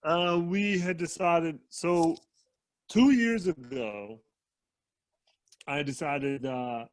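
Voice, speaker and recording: A man co-hosting a casual gaming podcast, telling stories in a halting way full of fillers. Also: on the high side, dry recording. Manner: halting, filler-heavy storytelling. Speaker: podcast co-host.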